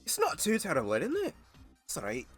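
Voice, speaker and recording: A man's voice: fairly high pitch, huge pitch swings, fairly quick, breathy edge, faint music behind. A man giving blunt, sarcastic reaction commentary, swearing often and stammering into rants. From United States.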